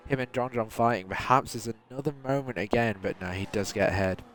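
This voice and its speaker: A man's voice: lowish voice, fast, slight background noise. A man calling overtakes live in play-by-play commentary on a sim racing broadcast. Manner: calls overtakes as they happen, apologetic. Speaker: race commentator.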